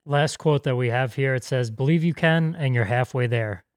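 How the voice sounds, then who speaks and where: A man's voice: medium pitch, normal speed, no room sound, studio quality. A man reading a quote from a list on a podcast.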